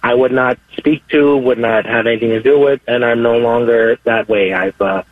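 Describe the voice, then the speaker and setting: A man calling in to give a testimony, speaking haltingly and repeating his words. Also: medium pitch, steady tone, dry recording. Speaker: caller. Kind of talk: phone-in testimony. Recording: tinny dry phone line.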